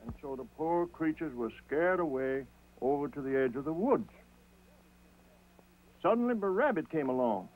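A man tells a folk tale in a slow, rhythmic, folksy manner, his voice a little high for a man. The sound is thin and tinny, like an old television broadcast. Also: animated. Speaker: storyteller.

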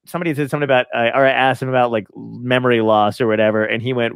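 A male podcast host in easy, casual chat. He rambles through anecdotes, swears freely and breaks into laughs. His voice sits mid-pitched and sounds close and dry. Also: steady tone, rapid-fire, creaky, smooth, dry recording.

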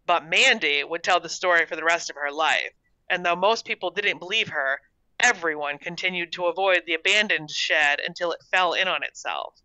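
An author reading their own short story aloud in a steady storytelling manner. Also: medium pitch, moderate pace, no echo. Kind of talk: storybook narration.

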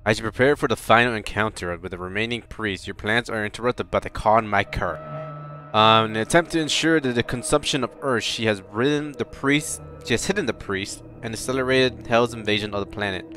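A man's voice: lowish voice, a little fast. Casual rambling man playing a game. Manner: rambling, swears, loud excited outbursts. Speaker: let's play host. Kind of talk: casual gameplay commentary.

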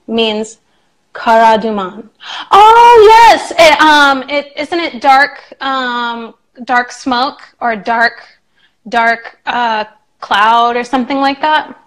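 Woman, young, English teacher, casual live-stream chat, affectionate, playful, high-pitched, slow-paced. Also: poor audio. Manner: chatty, affectionate, breaks into playful singing.

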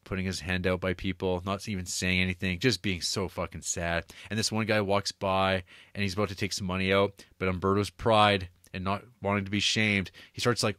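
A man co-hosting a film podcast, retelling the plot casually and acting out lines from the story with quick laughs. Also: low-pitched, little pitch movement, fairly bright tone, clean tone, no echo, studio quality. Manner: laughs while talking, many restarts. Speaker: podcast co-host. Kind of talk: casual film review chat.

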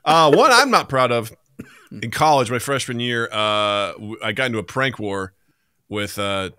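A man in his forties hosting a podcast, telling a story in a casual, animated way and often laughing as he talks. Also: mid-range voice, unhurried, smooth, no echo, clean studio sound. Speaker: podcast host.

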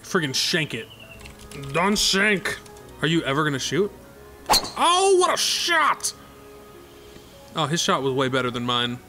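Man, gameplay commentary, high voice, very lively pitch, sarcastic, excitable, faint music behind. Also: measured pace, pauses often. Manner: excitable, sarcastic, jumps between high yelps and low mutters. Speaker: gaming YouTuber.

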